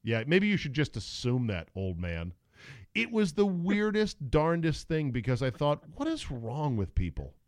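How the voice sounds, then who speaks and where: A middle-aged man with a voice on the high side hosts a podcast, chatting casually and telling stories in an animated, sarcastic style. He speaks at a measured pace, and the recording is dry.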